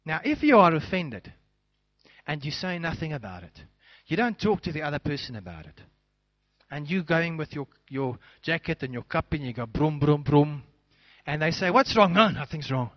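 A man preaching a sermon in a fairly high voice that leaps up and down. He acts out small conversations to make his points. The recording is dry and a little dull. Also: normal speed, no echo. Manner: animated preaching, acting out little scenes. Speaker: pastor.

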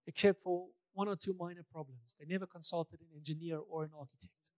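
A man's voice: fairly high pitch, steady tone, brisk, no echo. A male pastor preaching a sermon in a conversational way, repeating key phrases for emphasis, with touches of light humor.

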